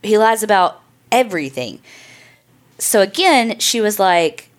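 A woman's voice: medium pitch, sing-song, moderate pace. A woman hosting a podcast, telling a true crime story in a casual, chatty way, loose and profane with lots of "like" and "I mean". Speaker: podcast host.

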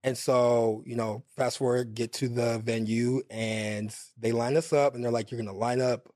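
A man's voice: mid-range voice, unhurried, dry recording. Brief: young man, podcast guest, chatty anecdotes with lots of "um" and "like", dry close mic. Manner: animated, rambling anecdotes with many fillers. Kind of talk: casual storytelling chat.

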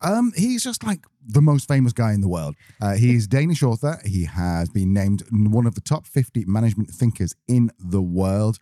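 A man's voice: fairly low pitch, big pitch swings, normal speed, few pauses, mellow, no room sound, clean studio sound. A man co-hosting a podcast, joking and teasing in casual banter. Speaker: podcast co-host, business owner.

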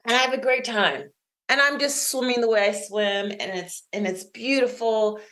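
Speaking with a fairly high pitch, a middle-aged woman who writes books tells a personal anecdote as an interview guest. She comes across lively, laughing often.

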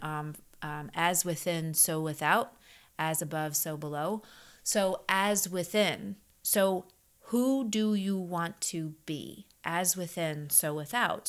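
Middle-aged woman coach, lowish voice, earnest, rambling, lots of ums. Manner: earnest, repetitive, with many fillers. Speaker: leadership coach. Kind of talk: casual podcast talk.

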